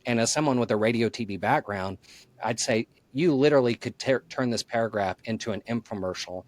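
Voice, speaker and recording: A man's voice: mid-range voice, fairly quick, a little mellow, no room sound. A man speaking as a podcast guest, explaining his ideas in an earnest, thoughtful conversational way. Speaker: podcast guest, marketing author. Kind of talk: conversational interview.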